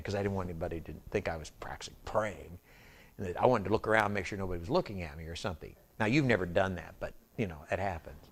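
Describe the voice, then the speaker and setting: A man's voice: low voice, fast talker. A man preaching as pastor at a church service. He tells a personal story in a loose, conversational way, with asides to the congregation and a habit of tacking on "and everything else.". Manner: repeats filler phrase "and everything else". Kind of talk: storytelling sermon.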